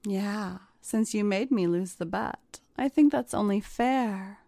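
A woman's voice: mid-range voice, expressive, fairly quick, a little mellow, no room sound, studio quality, lightly acted. A woman voicing an edgy, tomboyish young woman who talks bluntly and somewhat sternly.

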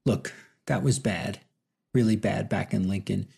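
A cocky, wisecracking man with a mocking edge in his voice, as a male narrator plays him. His tone is low, gravelly and husky, with a dark, mellow color. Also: measured pace, heavily acted. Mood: wry.

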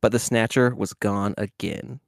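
A man co-hosting a podcast, reading a children's book aloud in a steady way, with the odd stumble. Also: lowish voice, unhurried, vocal fry, dry recording, clean studio sound. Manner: steady reading with small slips and restarts. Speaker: podcast co-host.

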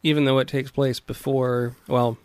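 A man co-hosting a casual podcast about an old cartoon series, relaxed and thoughtful, with many hesitations. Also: mid-range voice, normal speed, smooth, no room sound. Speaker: podcast co-host.

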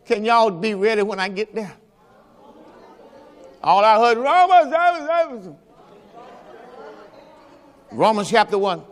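A man's voice: high voice, lively intonation, slow, pauses often, big-room sound, some chatter behind. A man preaching a Sunday sermon as pastor, in a folksy style that mixes scripture quotes with rhetorical questions. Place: church during Sunday service.

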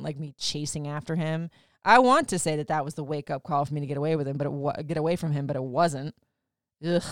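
A woman's voice: low voice, clear, resonant tone, no room sound, clean studio sound. A woman hosting a podcast, telling a personal story in a chatty, casual way, swearing freely and using "like" often. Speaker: podcast host.

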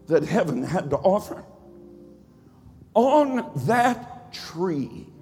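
A male pastor preaching a sermon in a rhythmic, cadenced style that swells into shouts. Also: sits high, big-room sound. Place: church sanctuary.

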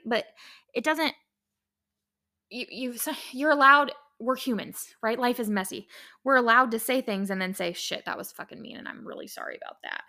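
A woman's voice: medium pitch, gravelly, sharp tone. A young woman hosting her own podcast, talking casually and heartfelt, rambling with many fillers and restarts. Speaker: podcast host. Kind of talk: casual solo podcast talk.

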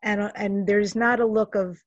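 A woman's voice: mid-range voice, steady tone, unhurried, dry recording, muffled recording. Woman host, middle voice, curious, close and dry recording. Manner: empathetic, curious questioning. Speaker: interviewer, host. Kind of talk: conversational interview.

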